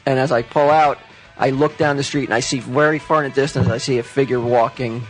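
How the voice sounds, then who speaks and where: A man telling a rambling, halting story about a delivery in casual podcast chat. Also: mid-range voice, steady tone, faint music behind, poor audio. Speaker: comic shop delivery guy telling stories.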